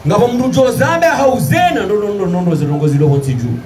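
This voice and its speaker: A man's voice: high-pitched, lively intonation, fast talker, darkish tone, a little hiss or hum. A man from Comoros speaking informally to a protest crowd, thanking people and dropping in short yeps. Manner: chatty, interjects short yeps. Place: outdoor city square at a protest. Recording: distant mic with music nearby.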